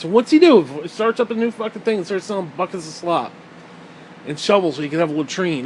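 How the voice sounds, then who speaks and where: A man's voice: high voice, expressive, fast talker, a little hiss or hum. A young man telling stories in a casual, rambling rant, swearing a lot, mocking and laughing as he goes. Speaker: storyteller. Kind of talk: casual ranting storytelling.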